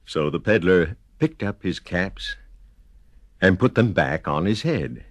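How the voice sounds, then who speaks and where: A man reading a children's picture book aloud, slow and deliberate with a sing-song repetition. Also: low-pitched, animated, dry recording. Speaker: storyteller. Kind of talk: children's storybook narration.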